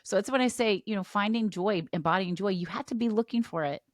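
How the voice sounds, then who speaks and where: A woman coach, a guest on a podcast, chatting casually in an emphatic, animated way. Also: medium pitch, quick pace, no room sound, studio quality.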